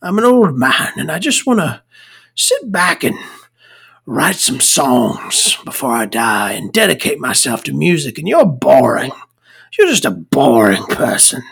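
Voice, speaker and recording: A woman's voice: rumbling low, very animated, a little slow, creaky, a bit bright, husky, exaggerated voice. Woman doing a grumpy old guy, blunt and irritable, wants to be left alone.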